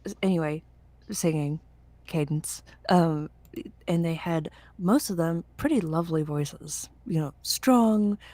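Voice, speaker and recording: A woman's voice: low-pitched, slow pace, mellow, no room sound. A woman, a veteran, recalling boot camp in rambling casual chat with many restarts. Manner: rambling, full of fillers and restarts. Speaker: veteran podcast guest.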